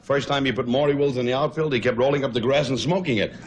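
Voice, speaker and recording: A man's voice: medium pitch, steady tone. A man from Brooklyn, firing off brash roast jokes on a noisy 1970s TV broadcast with an audience. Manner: brash, rapid-fire wisecracking. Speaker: comedian roaster.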